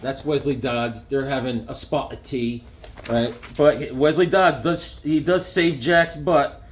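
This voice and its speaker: A man casually reviewing comic books, excitable and chatty, breaking into silly voices now and then. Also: medium pitch, unhurried, slight background noise.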